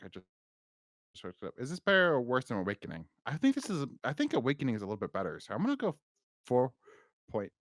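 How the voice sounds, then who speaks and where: A man with a Boston accent co-hosting a casual podcast, blunt and quick to laugh, with emphatic opinions. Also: lowish voice, no echo, studio quality. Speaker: podcast co-host.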